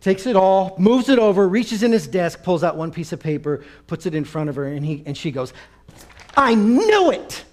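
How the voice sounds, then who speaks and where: Male preacher, high voice, lively storyteller who acts out every quote. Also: fairly quick, few pauses. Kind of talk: storytelling sermon.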